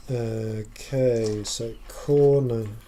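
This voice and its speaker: Slow, halting male dungeon master. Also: mid-range voice, steady tone, dark tone, a little hiss or hum. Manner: halting, many fillers and restarts. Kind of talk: narrating a tabletop game.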